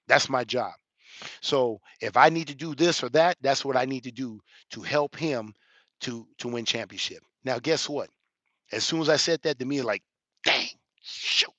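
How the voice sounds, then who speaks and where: A man in his forties, an elder, telling a personal story with emphatic rhetorical questions and building toward near shouting. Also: mid-range voice, dry recording. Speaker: elder giving a reaction commentary. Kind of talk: animated personal storytelling commentary.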